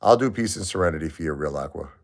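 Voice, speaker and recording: A man hosting a livestream, grieving and halting as he talks, often repeating himself. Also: a bass voice, animated, vocal fry. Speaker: livestream host. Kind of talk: emotional livestream talk.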